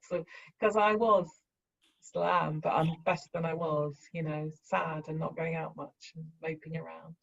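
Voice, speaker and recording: A woman earnestly recounting a personal story, halting and acting out the lines of the people she quotes. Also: deep voice, flat delivery, creaky, highs cut off. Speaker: bereaved mother sharing her story.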